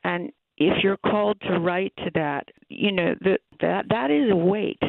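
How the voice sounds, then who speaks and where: A woman's voice: on the low side, a little slow, vocal fry, noisy background. A middle-aged woman, a musician, answering interview questions in an earnest, thoughtful way. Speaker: musician guest. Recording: phone-like, dry line.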